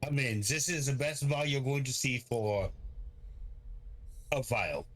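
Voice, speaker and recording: A man's voice: medium pitch, unhurried, a bit bright, soft background music. A man playing a tabletop game, speaking easygoing and in character. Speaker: player.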